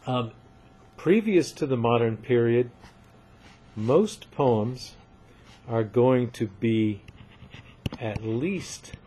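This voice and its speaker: Male literature lecturer, slow and deliberate, emphatic and repetitive delivery over a soft rumble. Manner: measured, emphatic, repeats points for students. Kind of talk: recorded lecture.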